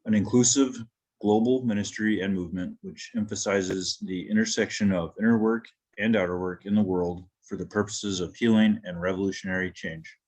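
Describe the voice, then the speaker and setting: A low-voiced man from Portland, Oregon, reads a mission statement over a video call. He delivers it plainly and steadily. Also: steady tone, moderate pace, darkish tone. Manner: reading a statement aloud.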